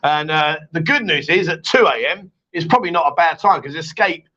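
Fast-talking high-voiced joking man. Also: animated, pushed and bright, dull audio. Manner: teasing, joking banter. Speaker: live stream host reading chat. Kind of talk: casual chat.

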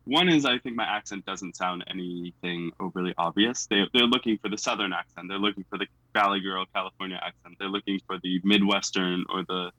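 A man's voice: sits low, fairly quick, hardly any pauses, pushed and bright, no room sound, rough recording. A young man from the United States, chatting casually as an interviewee, self-deprecating and full of fillers.

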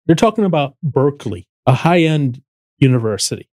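A man's voice: mid-range voice, big pitch swings, brisk, a little mellow, no room sound. A man hosting a casual political talk, explaining things step by step with frequent restarts. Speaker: podcast host.

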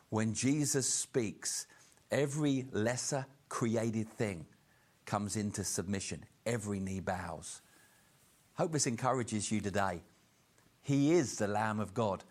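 A male preacher with a slightly low voice delivers a sermon in an earnest, steady way. He slows his words to stress each key point.

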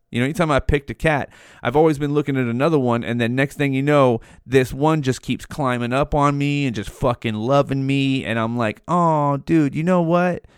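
A man's voice: mid-range voice, clean tone, no echo, studio quality. A young man hosting a podcast, rambling in a casual monologue, swearing often and saying "dude" a lot. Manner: profane, rambling, says "dude" constantly. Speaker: podcast host.

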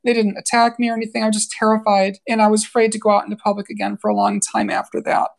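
Woman from new york, podcast guest, gravelly voice, earnest and emotional, lots of restarts. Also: mid-range voice, little pitch movement, fast. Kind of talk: candid personal interview.

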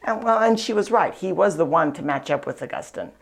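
On this faith podcast, the host, who is also an author and speaker, narrates a saint's life earnestly and chattily, with plenty of asides. Her voice sits on the low side, creaky, brisk and expressive, blending storytelling with teaching.

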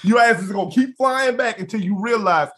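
Young guy on a podcast, high voice, acts out everybody in his stories, cusses a lot. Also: brisk. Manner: animated storyteller, acts out quotes, laughs, swears freely. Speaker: podcast co-host. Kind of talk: casual podcast chat, storytelling.

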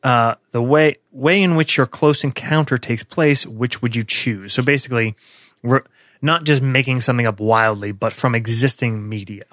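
A man's voice: mid-range voice, fairly even intonation, moderate pace, fairly bright tone, no echo, clean studio sound. A man co-hosting a podcast, teasing his partner in casual chat and reading out listener questions. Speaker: podcast co-host.

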